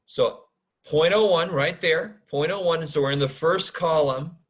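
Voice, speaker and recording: A man's voice: fairly high pitch, unhurried. Guy lecturing math on a zoom call, laid back, mutters little asides and cusses under his breath. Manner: informal, self-deprecating, mutters asides and mild curses. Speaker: math instructor. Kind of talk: casual online lecture. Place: home setup over video call. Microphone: video call mic.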